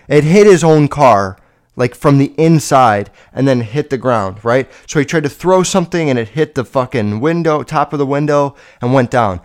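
A man in his twenties hosting a solo podcast, telling stories in a rambling, profane, animated way. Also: fairly high pitch. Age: 20s. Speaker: podcast host. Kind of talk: casual solo podcast storytelling.

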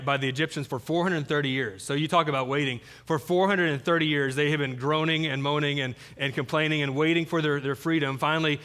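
Guy preaching a sermon, kinda higher voice, keeps repeating himself, earnest. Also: fairly bright tone, clear, resonant tone. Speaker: pastor.

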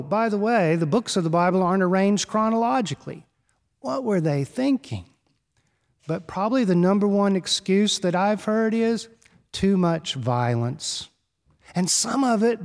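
A man's voice: high-pitched, darkish tone. A male preacher giving a sermon in a conversational, wry way with playful asides, reading scripture and then talking it through. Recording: long reverb of a large hall.

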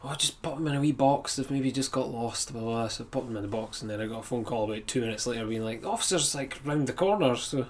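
A man's voice: mid-range voice, fast talker, hardly any pauses, a little hiss or hum. A man, a podcast guest telling a rambling, chatty story full of restarts. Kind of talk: casual chat, anecdote telling.

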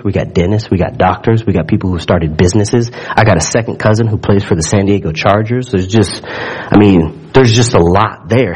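Husky low-voiced man preaching a sermon. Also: poor audio. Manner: animated storytelling with frequent asides and questions to the congregation; repeats words when building up. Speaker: pastor.

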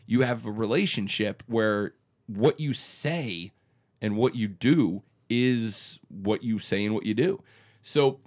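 A man in his thirties who hosts a radio morning show, speaking in an earnest, emphatic way with frequent restarts during a conversational interview. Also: lowish voice.

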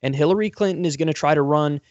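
A man's voice: on the high side, fast talker, a little mellow, dry recording, highs cut off. A man hosting a political commentary talk show, ranting sarcastically and swearing freely.

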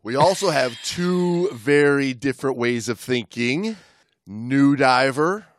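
A man's voice: mid-range voice, lively intonation, takes it slowly, no room sound, studio quality. A man co-hosting a podcast in casual chat, joking and teasing his partner. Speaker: podcast co-host.

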